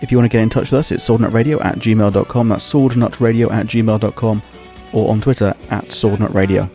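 Host reading outro credits, low mellow male voice, faint music underneath. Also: fairly even intonation, brisk. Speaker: podcast host. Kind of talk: scripted outro announcement.

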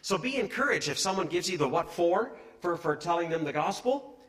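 Animated man preaching. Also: high voice, brisk. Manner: animated, conversational, asks the congregation questions. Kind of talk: sermon.

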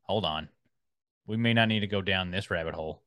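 A man's voice: low-pitched, fairly quick, sharp tone, no echo. Guy cohosting a podcast, rambly, reading stuff off his screen, dry close sound. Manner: rambling, reads listings aloud while scrolling. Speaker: podcast co-host. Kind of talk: casual chat.

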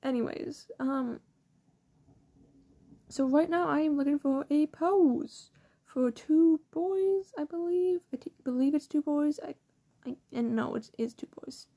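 Giggly high-voiced teen girl rambling. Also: measured pace, dark tone. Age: teens. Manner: rambling, giggly, quotes people in mocking voices. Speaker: student vlogger. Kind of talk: casual chat.

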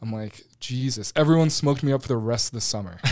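A man's voice: medium pitch, fast talker, darkish tone, no echo, studio quality. Laughing man telling a story. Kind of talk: casual storytelling chat.

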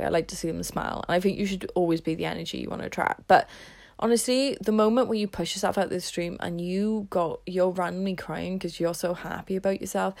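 A woman with a somewhat low-pitched voice talks in a rambling, upbeat motivational way. She often sinks into a hushed whisper mid-thought. Her tone stays casual and personal, like a podcaster chatting to her listeners. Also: creaky. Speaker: podcaster and consultant.

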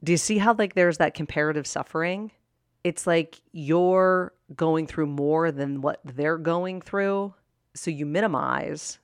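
A woman coach in her thirties, talking straight to her listeners in a chatty, candid way with playful asides. Her voice sits a bit low. The sound is dry and close, with no room around it. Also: no echo. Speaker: life coach. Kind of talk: solo podcast talk.

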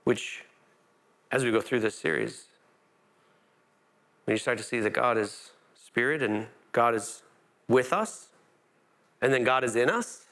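A man's voice: mid-range voice, expressive, a little slow, pauses often, a bit bright. A male pastor preaching a conversational sermon, often restarting phrases and lifting his voice when he quotes Scripture.

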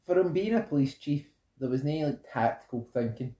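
A man's voice: fairly high pitch, animated, fairly quick, warm tone. A Scottish man chatting casually and bluntly about a film, giving his opinions on the characters. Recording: roomy echo.

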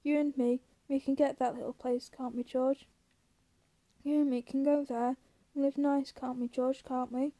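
A woman's voice: high-pitched, flat delivery, moderate pace, dark tone, lightly acted. A woman reading aloud voices an old male ranch hand who pleads fearfully and turns bitter. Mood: pleading.

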